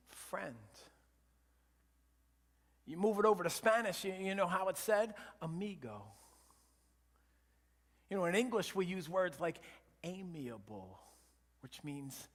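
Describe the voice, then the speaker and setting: A man delivering a sermon in a church sanctuary, his voice a little high for a man. He moves from forceful emphasis to soft, hushed whispers. A long hall reverb trails after his words. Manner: dynamic preaching, swinging from loud emphasis to hushed whispers. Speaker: pastor.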